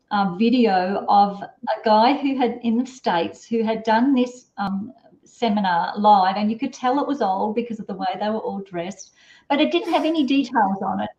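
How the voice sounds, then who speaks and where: A middle-aged woman spins a long, rambling story, full of fillers and restarts. Her voice sits at an ordinary pitch. The audio is dull and lo-fi, with a roomy echo around her. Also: a little mellow. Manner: chatty, rambling, with many fillers and self-corrections. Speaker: parenting strategist guest. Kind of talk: storytelling in an interview.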